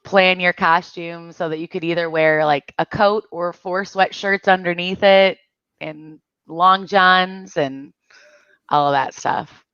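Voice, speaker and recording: Low-pitched chatty woman, dry lo-fi sound. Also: fairly even intonation, takes it slowly, a bit bright, smooth, dry recording. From Michigan. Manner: chatty, laughs often while telling stories. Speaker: channel host. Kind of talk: casual chat.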